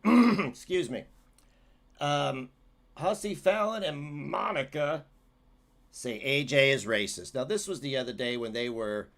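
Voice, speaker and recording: A man's voice: medium pitch, a bit bright. A man hosting a livestream, giving heated, sarcastic, profane commentary as he reacts to clips.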